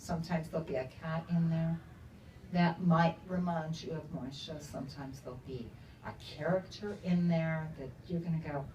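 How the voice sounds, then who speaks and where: At a book event in a bookstore, an older woman author chats and laughs her way through stories for the audience, her deep, mellow voice moving at a normal pace. It's recorded from a distance in a roomy space, with faint ambience and slight hiss or hum.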